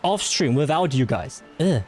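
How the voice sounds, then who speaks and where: A German-accented man chats away during a game livestream, his voice sitting a little high and bouncing up and down. He rambles with fillers and restarts and answers chat as he plays, with music running faintly underneath. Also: lively intonation, a little slow, darkish tone. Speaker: streamer. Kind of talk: casual gameplay livestream chat.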